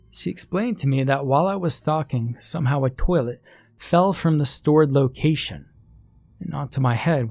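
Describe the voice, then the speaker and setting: A man narrating a first-person horror story in a wry, unhurried way. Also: medium pitch, darkish tone, slightly rough, dry recording.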